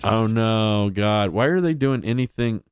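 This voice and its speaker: A man's voice: on the low side, lively intonation, measured pace, clean tone. A young man giving casual, crude and mocking reaction commentary as a streamer.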